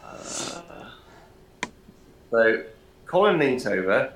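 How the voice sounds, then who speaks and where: A man's voice: medium pitch, sing-song, extremely slow, slight background noise. A man in the middle of a tabletop game talks through his plans eagerly, repeating himself as ideas come. His voice sits mid-range and rings in an echoey room. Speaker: player.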